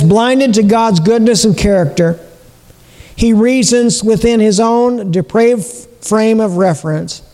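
A man's voice: high-pitched, a little mellow, big-room sound, rough recording. A man preaching a sermon as pastor, earnest and repetitive, asking his listeners rhetorical questions. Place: church.

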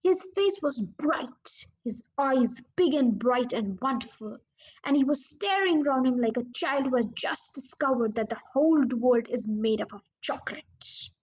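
A woman narrating a children's storybook as an audiobook reader, in a steady, plain reading manner. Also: high-pitched, unhurried, breathy edge.

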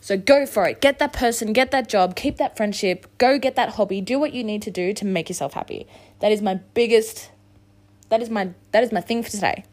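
A woman's voice: medium pitch, a little fast, a little mellow. A woman hosting her own solo podcast, frank and motivational, swearing freely while hungover. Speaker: podcast host. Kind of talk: casual solo podcast monologue.

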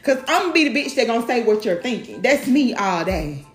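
A woman's voice: fairly high pitch, sing-song, brisk, faint music behind. A woman giving a blunt, profane, outspoken monologue as a vlogger. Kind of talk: candid monologue. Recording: echoey room.

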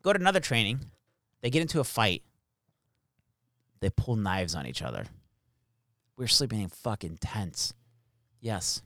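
Speaking a little slowly with long pauses, this low-leaning male voice comes through clean and echo-free, like a studio. He swaps animated stories from his army captain days, cursing freely and quoting the people involved in casual chat.

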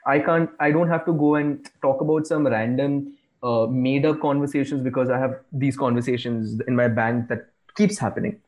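A man's voice: medium pitch, fairly even intonation, moderate pace, darkish tone, highs cut off. Chatty man, rambling. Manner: chatty, rambling, with many fillers and restarts. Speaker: illustrator and corporate trainer being interviewed. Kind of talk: casual podcast conversation.

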